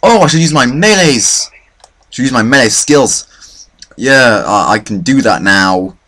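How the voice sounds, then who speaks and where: A young man narrates his own gameplay with a lively voice that swings widely up and down. He mixes self-mocking complaints with mock-boastful trash talk, in a middle pitch. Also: unhurried. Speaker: gaming channel host. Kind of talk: let's play commentary.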